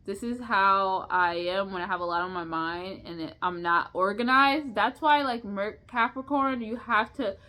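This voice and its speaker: A woman's voice: medium pitch, moderate pace, few pauses, pushed and bright. A young woman chatting casually in an unscripted vlog, rambling, restarting her words and laughing often. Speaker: vlogger.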